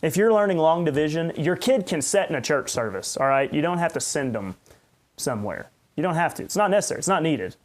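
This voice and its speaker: A man's voice: on the high side, lively intonation, a little fast. A man, a pastor hosting a podcast, rambling and ranting in unscripted commentary with sarcastic asides.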